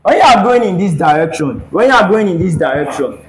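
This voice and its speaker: A man's voice: sits high, big pitch swings, brisk, a crowd in the background, rough recording. A man teaching a classroom engineering lecture at a board, who keeps repeating his questions so the students will answer.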